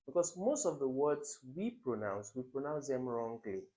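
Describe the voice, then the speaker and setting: A man with a Nigerian English accent, talking through exam questions one by one as a tutor. He explains patiently, repeats the key words, and gives a small laugh at the wrong options. His voice sits at a middle pitch. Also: very animated, moderate pace, warm tone, rough recording. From Africa.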